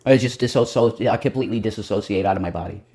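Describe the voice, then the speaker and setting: A man's voice: on the low side, rapid-fire, husky. A man, a self-styled reverend, doing a rambling, profane comedic monologue on a livestream. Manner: profane, rambling, jumps between loud and muttered.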